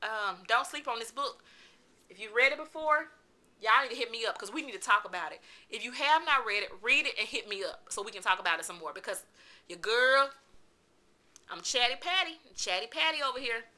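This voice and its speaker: A woman, giving a chatty, animated book review in a casual vlog. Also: fairly high pitch, a little fast. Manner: animated, chatty, vents with exclamations.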